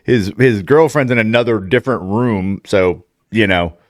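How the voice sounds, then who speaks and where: A man's voice: fairly low pitch, normal speed, no room sound, studio quality. A young adult man co-hosting a casual film chat, animatedly retelling scenes and laughing as he goes. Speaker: podcast co-host.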